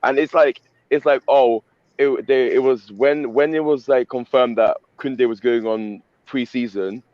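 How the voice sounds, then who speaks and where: A man on a fan livestream arguing heatedly, talking quickly and restarting his sentences over and over. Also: mid-range voice, no echo, muffled recording. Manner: rapid, repetitive, restarting mid-sentence, irritated. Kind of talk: heated casual debate.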